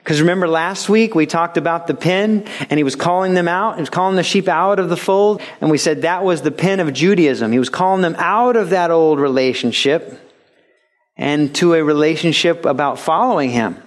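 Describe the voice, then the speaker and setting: A man preaching a sermon as a pastor, animated and joking, sometimes putting on voices for the people he quotes. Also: on the high side, moderate pace.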